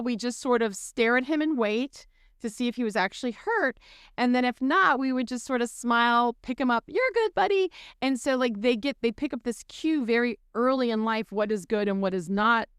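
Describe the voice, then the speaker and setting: Woman, podcast co-host, smooth clear voice, animated storyteller, dry close mic. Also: fairly high pitch, moderate pace, no echo. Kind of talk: casual faith podcast chat.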